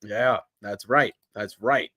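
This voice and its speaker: A man's voice: fairly low pitch, slow, sharp tone, breathy edge, no room sound, studio quality. A man hosting a live comic sale stream from an office, joking and greeting viewers by name. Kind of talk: casual livestream chat. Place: indoor office.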